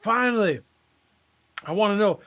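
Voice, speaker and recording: A man voicing a showy, fervent male tent-revival preacher in a pompous preaching cadence with drawn-out pauses. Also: sits high, animated, a bit bright. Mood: solemn build-up.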